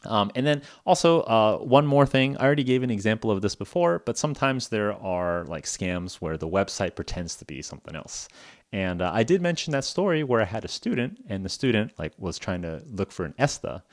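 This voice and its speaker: Lively low-voiced man explaining casually. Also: brisk, dry recording, clean studio sound. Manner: chatty, repeats "okay?", acts out little phone dialogues. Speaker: English teacher and podcast host. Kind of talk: casual explanatory podcast talk.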